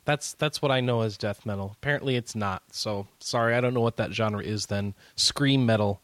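A man's voice: lowish voice, a little fast, a bit bright, no room sound. A man hosting a gaming podcast in casual chat, joking and rambling, laughing easily. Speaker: podcast host.

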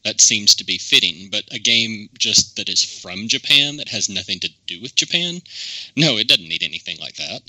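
A man with a low voice and a strikingly sharp, forceful tone, laying out his opinions at length in a podcast chat. The sound is dry and close. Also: very animated, moderate pace, no echo, low-quality recording. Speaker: podcast panelist. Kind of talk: casual chat.

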